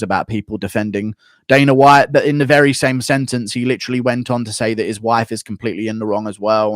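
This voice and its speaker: A man's voice: lowish voice, no room sound, studio quality. An American man hosting a livestream who reads out donations and rants with lots of swearing. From United States. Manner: profane, opinionated ranting. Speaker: streamer host. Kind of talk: livestream commentary, reading donations.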